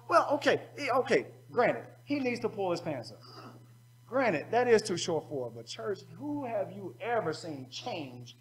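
A man's voice: high voice, sing-song, a little slow, rough recording. A man preaching a sermon at a youth seminar, colloquial and call-and-response in manner.

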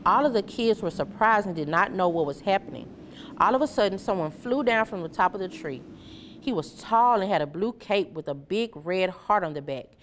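A woman reading a children's story aloud in a clear, measured way. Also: medium pitch, lively intonation, slight background noise. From Memphis area, USA. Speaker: storybook reader.

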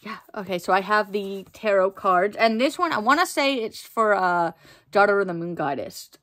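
A young woman chatting casually as she unboxes items for her book vlog, excitable and full of fillers. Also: mid-range voice, moderate pace. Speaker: book vlogger.

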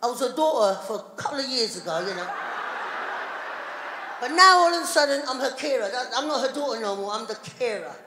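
A middle-aged woman doing a live stand-up routine, loud and chatty with the crowd. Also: a little high, lively intonation, brisk. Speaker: stand-up comedian. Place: large hall on stage before a live audience. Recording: echoey hall, live audience noise.

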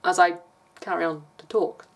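A woman's voice: on the low side, steady tone, moderate pace, gravelly. A woman from England with an English accent, chatting casually in a rambling vlog and laughing often. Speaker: vlogger.

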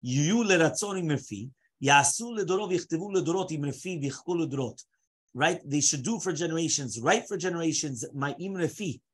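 A man's voice: a little high, lively intonation, fairly quick, breathy edge. A man teaching a Torah class as a rabbi, mixing Hebrew phrases into English and asking rhetorical questions.

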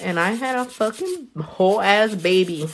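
A young woman, a nail technician chatting casually on a livestream while she works. She tells stories animatedly, swears freely and jumps into squeaky high voices. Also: lively intonation, moderate pace, a little hiss or hum.

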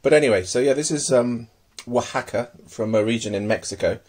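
A man's voice: medium pitch, fairly quick, darkish tone. A man casually showing his pet tarantulas at home, hesitant and full of ums, murmuring fondly to his pets. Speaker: tarantula keeper. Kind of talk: casual hobby video.

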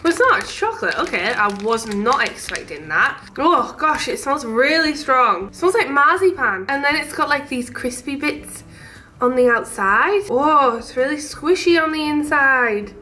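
Bubbly Teesside woman with a bright, high voice. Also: expressive, moderate pace. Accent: Teesside English. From Teesside, northeast England. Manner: bubbly, chatty, gushing. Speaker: shop owner and vlogger. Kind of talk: casual chat while tasting sweets.

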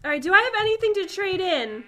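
A woman with a very high, bouncy voice that swings all over her range. She sounds bright and keen, laughing easily and pushing back in mock indignation during casual gameplay banter. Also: big pitch swings, quick pace. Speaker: co-player.

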